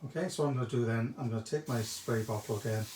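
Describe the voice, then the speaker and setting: A man's voice: medium pitch, fast talker, a little mellow. A man hosting a live craft demonstration, chatting and greeting viewers by name as he works. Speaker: craft shop host demonstrating a technique. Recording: echoey room, faint background noise.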